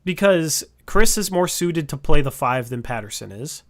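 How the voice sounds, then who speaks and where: A man co-hosting a casual sports podcast, arguing his opinions at length with quick asides. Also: fairly high pitch, expressive. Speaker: podcast co-host.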